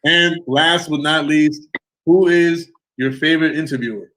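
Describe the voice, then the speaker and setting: A man hosting a casual online interview, relaxed and easygoing, often trailing off with fillers. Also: fairly high pitch, measured pace, poor audio. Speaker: interview host.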